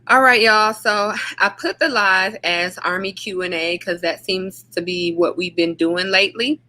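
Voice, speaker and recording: A woman chats casually on her own livestream. Her voice is bright and ringing. She greets viewers by name in long, drawn-out hellos and keeps the talk loose and friendly. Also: medium pitch, fairly even intonation. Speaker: livestream host.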